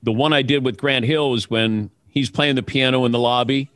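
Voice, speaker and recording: A man, a sportscaster, telling anecdotes in an interview in a relaxed way. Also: medium pitch, brisk, dry recording. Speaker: guest, sportscaster.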